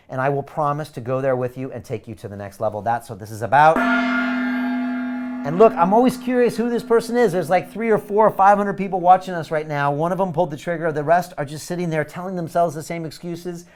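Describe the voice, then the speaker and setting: A middle-aged man runs a live webinar at a fairly quick clip, selling hard with plenty of energy. Repeated catchphrases pepper his pitch.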